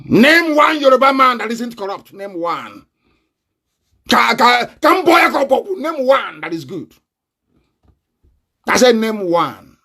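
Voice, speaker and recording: A man's voice: very high-pitched, very animated, slow pace, long pauses, pushed and bright. A man with a Nigerian accent, speaking in a fiery, confrontational live online broadcast and breaking into mocking laughter. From southeastern Nigeria.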